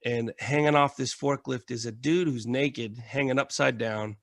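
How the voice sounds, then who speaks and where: A man from the United States, a military veteran and podcast guest, telling stories in a casual, animated way, acting out quotes and swearing freely. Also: mid-range voice, normal speed, no echo, clean studio sound. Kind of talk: casual storytelling.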